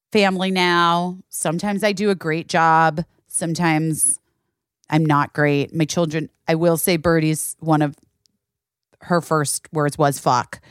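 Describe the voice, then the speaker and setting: A woman's voice: smooth, no echo, clean studio sound. A woman in her forties hosting a podcast, telling stories with lots of laughter, swearing freely and dropping into little voices. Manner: animated storyteller, doing high childlike voices for her nephew. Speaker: podcast host. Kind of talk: casual chat.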